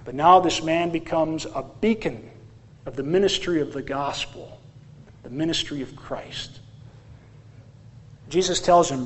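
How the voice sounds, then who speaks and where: A man preaching a sermon as pastor, animated and asking the congregation questions. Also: fairly high pitch, normal speed.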